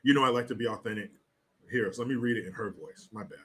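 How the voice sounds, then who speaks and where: A man's voice: medium pitch, quick pace, fairly bright tone. A man hosting a casual political commentary livestream, sarcastic and blunt, swearing freely.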